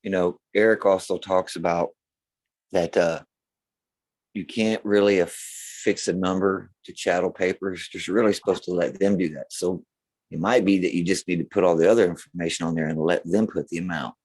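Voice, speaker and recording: A man's voice: low-pitched, fairly even intonation, normal speed, darkish tone, dry recording. A man with a Texan accent giving advice on a casual live show, often checking in with "right?". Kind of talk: casual live-stream chat.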